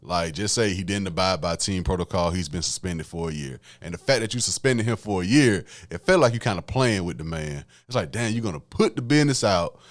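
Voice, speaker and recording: A man's voice: low-pitched, animated, a little fast, few pauses. A man, hosting a solo podcast and talking casually to his listeners as y'all in a preachy, conversational way. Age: late 20s. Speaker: podcast host.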